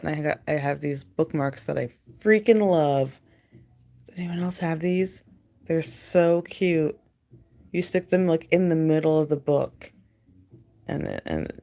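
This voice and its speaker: A woman's voice: fairly low pitch, creaky, a little mellow. A woman livestreaming from home, chatting casually in a rambling, giggly way. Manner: rambling, giggly, doting baby talk to her cat. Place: home, indoors.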